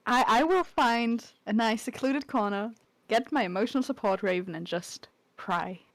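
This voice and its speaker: A woman takes part in a casual tabletop game and jokes about herself in a playful way. Her voice is a little high, and it comes across dry and close. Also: moderate pace, no room sound, poor audio. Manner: playful, self-mocking. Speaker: player. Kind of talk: casual tabletop role-play.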